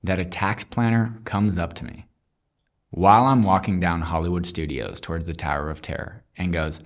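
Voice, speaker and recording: A man hosting an interview who tells stories excitedly, swears casually and stresses his punchlines. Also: sits low, normal speed. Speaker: podcast host.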